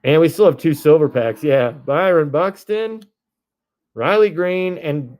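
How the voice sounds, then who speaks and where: A man, hosting a live card break stream, reading off names and breaking into excited shouts. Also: fairly high pitch, unhurried.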